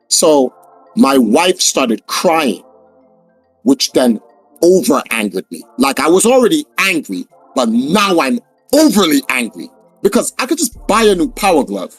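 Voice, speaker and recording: A man telling a story in a casual podcast chat, animated and swearing, acting out the voices of the people in it. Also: mid-range voice, measured pace, husky, no echo, faint music behind.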